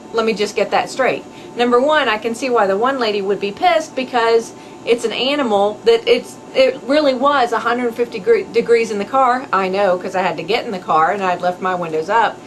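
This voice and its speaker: A woman hosts her own podcast and tells stories in a chatty, animated way, full of asides. Her voice sits a little high. A faint rumble runs under the recording. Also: low-quality recording. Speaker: podcast host. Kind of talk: casual storytelling monologue.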